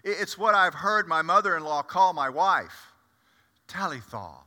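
A man's voice: on the high side, lively intonation, unhurried, pushed and bright, full character voice. A man performing a first-person monologue as the apostle Peter, a blunt and impetuous fisherman, with chatty, confiding asides to the audience. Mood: storytelling. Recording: echoey hall.

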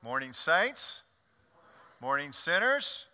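A man preaching a sermon to his congregation as their pastor, telling stories with an animated delivery and often stumbling over repeated words. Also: fairly high pitch, takes it slowly. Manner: animated storytelling with frequent stammered repeats. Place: church sanctuary. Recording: long church reverb.

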